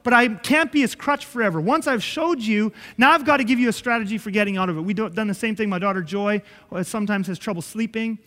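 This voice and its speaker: A man giving a conversational sermon-style teaching, telling animated stories that act out dialogue and chuckling often. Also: sits high, fast talker, few pauses. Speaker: Christian preacher and father. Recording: long hall reverb.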